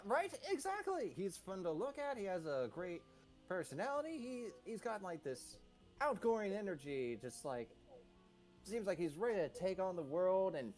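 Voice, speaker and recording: A man's voice: high-pitched, a little mellow, pitched above the performer's own voice. A man voicing a nervous armored young man who is awkward about his own strength and stammers and hesitates.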